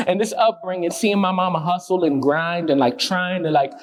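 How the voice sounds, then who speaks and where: A man's voice: high voice, normal speed. A young man performing spoken word poetry with a rhythmic, impassioned delivery and chatty asides between pieces. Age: young adult.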